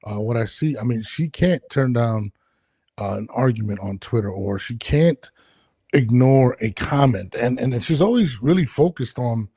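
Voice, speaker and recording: A man's voice: mid-range voice, lively intonation, normal speed, dark tone, slightly rough, no echo, clean studio sound. A man hosting a casual podcast interview, talking loosely with many restarts and fillers. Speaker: podcast host. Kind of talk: casual video-call interview.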